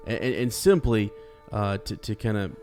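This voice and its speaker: Low-voiced man in a halting podcast chat. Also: a little mellow, soft background music. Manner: halting, many restarts, laughs easily. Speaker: podcast co-host. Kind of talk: casual book discussion chat.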